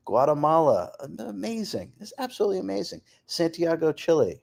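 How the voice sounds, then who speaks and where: Lively man chatting on a live stream. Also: fairly high pitch, a little slow, gravelly. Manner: lively, reads off places and names, laughs often. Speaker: author hosting a live stream. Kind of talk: casual live-stream chat reading out viewer comments.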